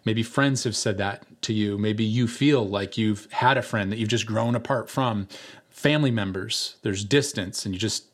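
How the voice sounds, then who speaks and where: A young man preaching a sermon, telling a personal story in a relaxed, conversational way with many filler words. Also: on the low side, moderate pace. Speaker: pastor.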